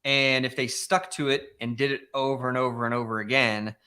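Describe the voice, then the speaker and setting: A man's voice: medium pitch, fairly even intonation, brisk, sharp tone. A man co-hosting a live real estate talk show in a loose, conversational way, full of "you know" asides. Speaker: real estate podcast co-host. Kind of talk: casual business chat.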